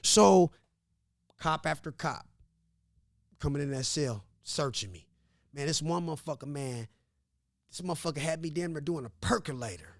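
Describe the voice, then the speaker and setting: A man from Missouri, a podcast guest, telling a story in a casual, animated, profane way and acting out what others said. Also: fairly high pitch, normal speed, pauses often, dry recording, clean studio sound. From Grandview, Missouri. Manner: animated, profane, laughs often, acts out quotes.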